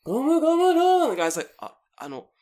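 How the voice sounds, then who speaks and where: A man telling a profane, animated story in casual chat among friends. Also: very high voice, takes it slowly. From foreigner living in Japan.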